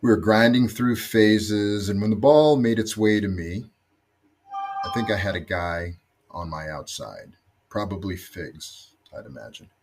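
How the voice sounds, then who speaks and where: A man's voice: fairly low pitch, a little slow, a little mellow, soft background music. A man and former rugby teammate giving a reflective memorial tribute, telling a story and letting his voice drop at the ends of phrases.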